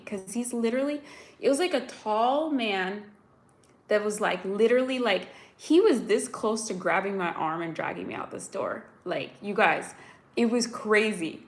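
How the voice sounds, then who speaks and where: A woman's voice: medium pitch, moderate pace. Chatty young American woman telling a story. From United States. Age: young adult. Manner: chatty, animated, many "like"s, addresses viewers directly. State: upset, near tears. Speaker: vlogger. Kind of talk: casual storytelling to live viewers.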